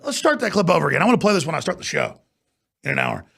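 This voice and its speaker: A man's voice: fairly high pitch, very animated, very fast, vocal fry, pushed and bright, a little hiss or hum. A man hosting a talk show, ranting and mocking in an off-air political monologue from a studio.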